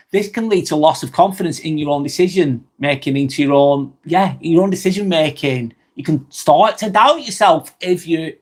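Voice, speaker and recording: A blunt man hosts a live vlog, speaking expressively and swearing as he reads and responds to viewer comments. His voice sits on the higher side for a man. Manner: blunt and expressive, swears freely, acts out quoted abusers. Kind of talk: live stream talk reading chat comments.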